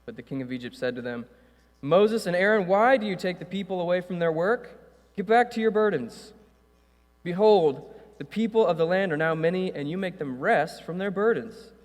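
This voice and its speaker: A man's voice: fairly high pitch, a little mellow. Man preaching in an echoey church. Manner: reads scripture then preaches loosely with fillers. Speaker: pastor. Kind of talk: sermon. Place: church sanctuary. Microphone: stage microphone with echo. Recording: hall reverb in church.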